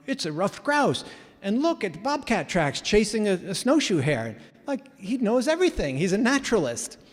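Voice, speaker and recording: A man telling a story live in a casual, animated way with self-mocking humor, heard in a reverberant hall. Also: on the high side.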